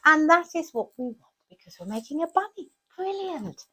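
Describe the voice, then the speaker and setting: A woman leads a children's craft session in a high, bouncy voice that rises and falls a lot. She chats along as she works, asking the kids questions at every step. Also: sing-song, normal speed. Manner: warm sing-song teacher talk with lots of questions to the kids.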